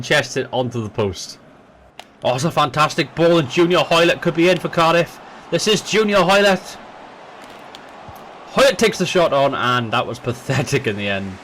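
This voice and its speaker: A man's voice: mid-range voice, a little hiss or hum. A man hosting a gaming video, chatting to viewers and calling the match like a commentator, his voice jumping up when a goal comes. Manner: excitable, voice jumps up on goals; chatty, talks to viewers directly. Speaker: gaming channel host. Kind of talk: let's play with football commentary.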